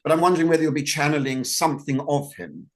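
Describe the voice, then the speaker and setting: A man's voice: a little high, steady tone, fast. A man interviewing casually on a video call, wry and jokey. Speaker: journal editor, interviewer.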